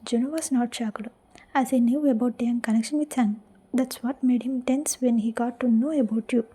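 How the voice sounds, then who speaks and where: A woman narrates a romance fan-fiction story in a soft, hushed voice that sits close to a whisper. Her tone is very dark and mellow, with a breathy texture. Her pitch sits fairly high. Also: fairly even intonation, normal speed, rough recording.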